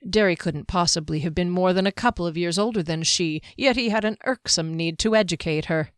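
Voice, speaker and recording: A woman narrating an audiobook with a steady, even storytelling manner. Her voice sits low. The recording is close and dry. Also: brisk, clear, resonant tone, no echo.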